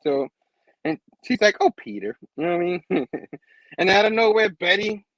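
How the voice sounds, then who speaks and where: A man casually recapping a comic book, laughing often and acting out the characters in quick voices. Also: high voice, a bit bright, no echo, rough recording.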